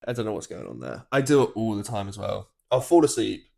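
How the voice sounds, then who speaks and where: A man's voice: fairly low pitch, sing-song, quick pace, vocal fry, dark tone. A young man chatting casually on a podcast, easygoing and laughing at himself. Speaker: podcast guest, host's partner. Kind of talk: casual chat.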